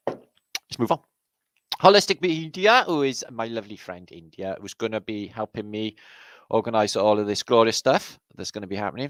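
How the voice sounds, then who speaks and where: A man's voice: medium pitch, dry recording. Chatty Welsh man hosting a livestream. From Wales. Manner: chatty, swears freely, jokey banter. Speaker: livestream host. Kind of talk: casual livestream chat greeting viewers.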